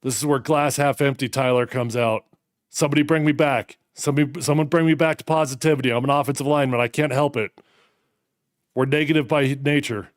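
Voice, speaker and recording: A man in his thirties hosting a live watch party, reacting to a football game with animated, fired-up commentary. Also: mid-range voice, a little fast, dry recording, clean studio sound. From United States.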